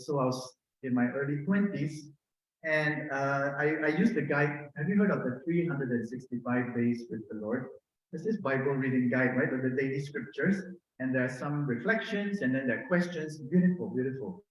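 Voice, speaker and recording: A middle-aged man with a Filipino accent gives a conversational sermon in a gentle, personal way, often asking "no?". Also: medium pitch, highs cut off. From Philippines. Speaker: preacher. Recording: very echoey room.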